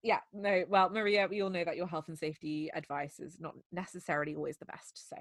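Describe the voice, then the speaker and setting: A woman's voice: fairly low pitch, little pitch movement, dry recording, studio quality. Giggly young woman telling a story. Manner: giggly, fast, filler-heavy retelling with quoted dialogue. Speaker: podcast host telling a story. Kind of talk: casual storytelling chat.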